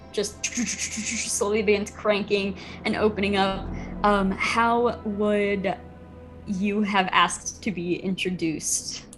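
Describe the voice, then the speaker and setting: A woman narrating a tabletop game as game master, chatty, with many "like"s and "um"s. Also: mid-range voice. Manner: chatty, full of "like" and "um".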